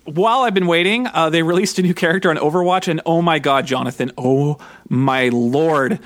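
A man in his thirties co-hosting a podcast, chatting excitedly and rambling with lots of fillers. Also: a little high, a little fast, dry recording. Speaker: podcast co-host. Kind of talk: casual chat.

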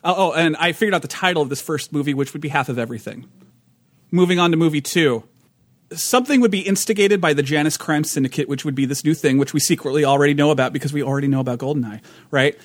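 A man's voice: fairly high pitch, fast talker, no room sound. A man co-hosting a tabletop gaming podcast, chatting casually, rambling with restarts and laughing often. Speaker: podcast co-host. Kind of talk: casual chat.

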